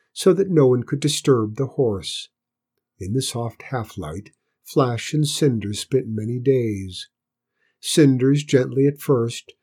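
A man reads a children's story aloud at a slow, gentle, unhurried pace. His voice is mellow and warm, with a husky grain. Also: medium pitch. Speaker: narrator. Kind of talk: storybook reading.

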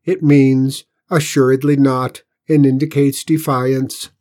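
A man's voice: mid-range voice, little pitch movement, slow pace, a little mellow, voice pushed up, natural voice. A man voicing a group of alien scouts who speak in a stiff, formal and condescending way. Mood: haughty. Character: pompous alien scouts from space, cold and superior.

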